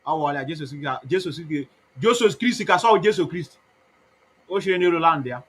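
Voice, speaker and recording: A man's voice: fairly high pitch, expressive, a little fast, slightly rough, rough recording. A man with an Igbo Nigerian accent giving a rambling campaign talk, mixing English with Igbo in a preachy, mocking way. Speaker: activist campaigner.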